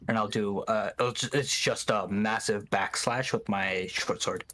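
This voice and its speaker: A man's voice: fairly low pitch, a little slow, sharp tone. A man playing a tabletop game with friends, eager and casual, swearing freely. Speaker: player.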